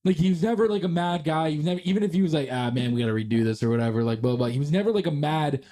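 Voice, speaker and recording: A man's voice: on the high side, racing. A young man co-hosting a podcast, telling rambling workplace stories with lots of swearing and acted-out quotes. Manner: animated, swearing, acts out quotes. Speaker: podcast co-host. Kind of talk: casual storytelling chat.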